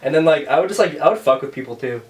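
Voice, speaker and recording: A man's voice: fairly high pitch, animated, very fast. A young man co-hosting a podcast, rambling through crude jokes in casual chat. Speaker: podcast co-host. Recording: distant from the mic.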